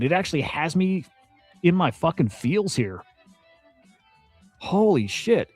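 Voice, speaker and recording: A man's voice: a little high, very animated, slow, pauses often, a little mellow, slightly rough, faint music behind. A man streaming crypto news commentary. He rants bluntly and swears often, repeats himself, and sounds exasperated. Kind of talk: casual ranting commentary.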